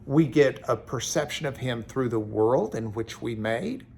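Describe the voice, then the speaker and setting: A man's voice: mid-range voice, unhurried, gravelly, a little mellow, a little hiss or hum. A middle-aged man giving a daily Bible devotional from his office, earnest and emphatic, often repeating words as he goes. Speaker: Bible teacher. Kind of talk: daily devotional talk to camera.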